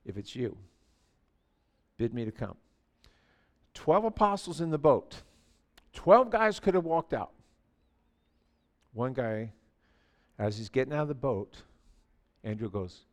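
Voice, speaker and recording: A man in his sixties preaching a sermon in a church, telling stories animatedly and swinging from quiet asides to near shouting. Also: high-pitched, very animated, a little slow, creaky, pauses often. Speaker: pastor.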